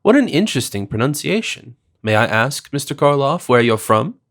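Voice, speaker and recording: A man voicing a composed, sharp male detective who questions people with precise authority. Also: medium pitch, big pitch swings, moderate pace. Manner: precise and commanding.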